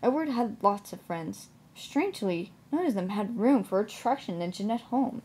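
A young woman in her twenties calmly narrating a children's storybook. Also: mid-range voice, breathy edge. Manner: calm, deliberate reading.

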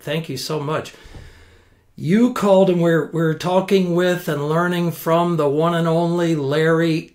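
A man with a fairly high voice hosts the interview. He speaks in a measured, formal way, setting up questions and praising his guest. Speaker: host. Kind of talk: interview hosting.

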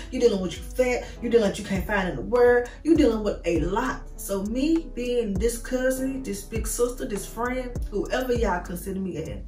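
A woman vlogger with a medium-pitched, slightly mellow voice tells an emotional storytime, sounding reverberant and far from the mic. She's candid and rambling, speaking straight to her viewers and calling them "y'all."

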